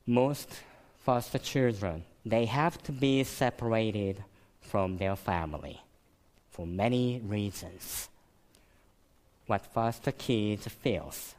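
Male pastor, sermon, slow deliberate delivery, emotional repetition. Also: lowish voice, darkish tone.

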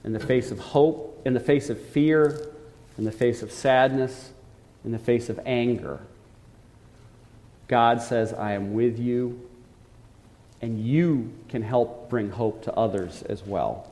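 A man preaching a sermon, telling a story earnestly and slowing down to stress key points. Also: mid-range voice, darkish tone. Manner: earnest storytelling, slows for emphasis. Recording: long hall reverb.

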